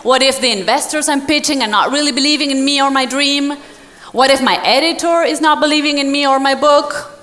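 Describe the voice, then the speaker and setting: A woman's voice: a little fast, fairly bright tone. A woman speaker telling a personal story to an audience in a dramatic way, acting out the voices of other people. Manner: dramatic, acts out dialogue with big pitch swings. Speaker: motivational speaker. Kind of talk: storytelling keynote speech. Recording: long hall reverb.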